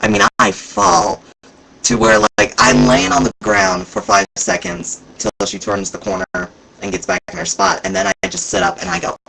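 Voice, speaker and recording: A man vlogging casually about a convention, rambling and excitable, with plenty of fillers. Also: fairly low pitch, moderate pace, vocal fry, a little hiss or hum, poor audio. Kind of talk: casual chat recounting events.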